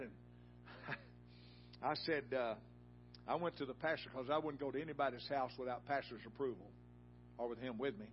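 In a church sermon, a man tells a folksy personal story that builds to loud, emphatic peaks. His voice is mid-range, and the audio is dull.

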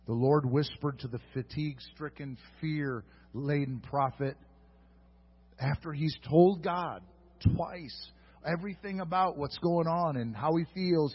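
A pastor preaching a sermon in an earnest way, moving between hushed reflection and fervent exhortation. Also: male voice, fairly high pitch, slow pace, breathy edge, dull audio.

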